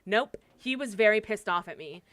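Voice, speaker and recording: A woman's voice: medium pitch, animated, normal speed, a bit bright, a little hiss or hum. A young adult woman streaming a game, telling stories in blunt, profane casual chat with frequent laughs. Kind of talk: casual chat while gaming.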